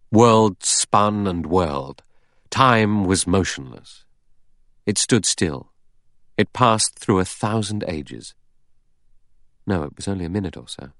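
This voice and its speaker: A man narrating an audiobook in a measured, dramatic reading style. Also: sits low, fairly bright tone, no echo, studio quality. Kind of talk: scripted narration.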